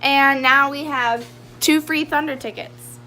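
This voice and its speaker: A woman's voice: high-pitched, unhurried. Chatty young woman vlogging in snow. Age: 20s. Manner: chatty, giggly and excitable. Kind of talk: casual vlog. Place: outdoors in snow and indoors in a college town. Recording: noisy phone recording.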